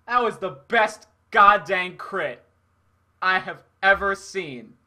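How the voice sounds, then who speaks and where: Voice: mid-range voice, expressive, takes it slowly, pushed and bright. A young adult game streamer, crying and laughing through a phlegmy voice, apologizing to viewers between sobs. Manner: overwhelmed, sobbing and laughing, apologetic. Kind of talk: live stream commentary.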